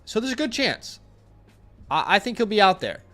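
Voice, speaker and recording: A man's voice: sits high, sing-song, normal speed, pushed and bright, faint music behind. Rambling man giving blunt fantasy picks. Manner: rambling, thinks aloud with fillers and restarts, blunt opinions. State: runny nose. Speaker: fantasy football host answering viewer questions. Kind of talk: casual live-stream chat.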